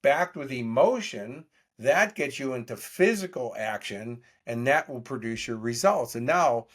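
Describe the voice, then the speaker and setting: A man's voice: medium pitch, slightly rough. A man in his sixties, a podcast guest, telling stories in an interview and acting out the dialogue of the people in them. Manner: animated storyteller acting out quoted dialogue. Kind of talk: storytelling interview.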